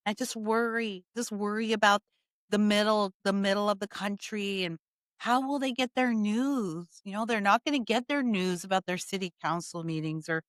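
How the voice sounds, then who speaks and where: A woman doing a mocking impression of a calm, professorial older liberal man who speaks with false concern. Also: medium pitch, no room sound, studio quality, lightly acted. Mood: mock-gentle. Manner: calm, slow, falsely caring.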